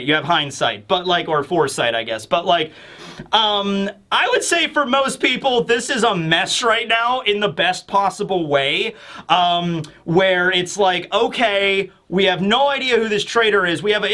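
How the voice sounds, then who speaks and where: A young man casually recapping and commenting on a manga chapter, animated and jumping into high voices for the characters.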